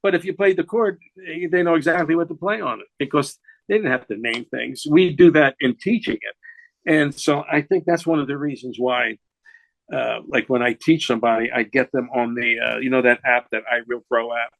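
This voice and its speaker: A man in his sixties, a veteran jazz saxophonist and teacher, spins stories as a guest in a relaxed interview. His voice sits at an ordinary middle pitch, and his thoughts wander and restart. The mic is close, with a dry sound and no room around it. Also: normal speed, vocal fry, no room sound, poor audio. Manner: rambling, full of restarts and "you know". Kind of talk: casual interview storytelling.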